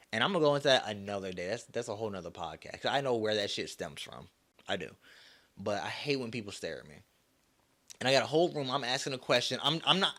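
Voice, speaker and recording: A man's voice: mid-range voice, sharp tone. A young man hosting a solo podcast, ranting with lots of swearing and putting on mocking voices for the people he quotes. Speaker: podcast host.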